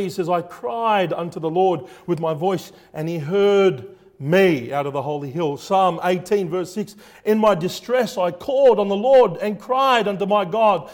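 A male preacher with a notably high-pitched voice delivers a fervent sermon. He repeats phrases for emphasis and keeps pausing to quiz his congregation on the next word of scripture. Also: darkish tone. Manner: fervent, repetitive, quizzes the congregation.

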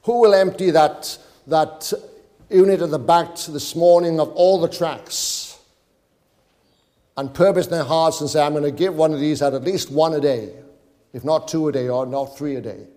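A man's voice: fairly high pitch, moderate pace, warm tone. A male preacher exhorting a congregation, reading scripture aloud in King James wording and pleading with his listeners. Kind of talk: sermon. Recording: long hall reverb.

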